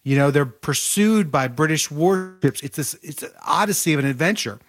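A man's voice: on the high side, animated, moderate pace. A man being interviewed as an author, telling a historical story in vivid, detailed bursts. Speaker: author guest. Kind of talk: podcast interview.

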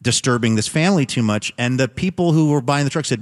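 A man's voice: mid-range voice, expressive, fast, in a large hall. A man co-hosting a casual news chat, telling stories in a wry, slightly snarky, joking way. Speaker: podcast co-host. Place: lives in the countryside.

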